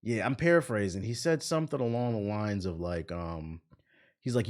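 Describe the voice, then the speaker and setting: A man hosting a livestream, chatting casually and retelling arguments by quoting people in lively bursts. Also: fairly low pitch, normal speed. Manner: animated storytelling, quoting others. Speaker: livestream host. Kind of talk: casual stream chat.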